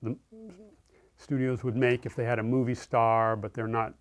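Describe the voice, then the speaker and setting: A man's voice: medium pitch, flat delivery, moderate pace. A middle-aged man, a screenwriter giving a lecture, telling anecdotes in a conversational, self-correcting, amused way.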